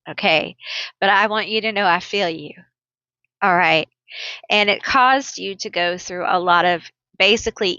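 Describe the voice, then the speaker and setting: A woman with a bright, forceful voice giving a tarot reading in an unhurried way. She talks to her viewers in a chatty, emotional manner, thinking aloud as she pulls cards. The sound is dry and slightly dull. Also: mid-range voice, dry recording. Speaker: tarot reader.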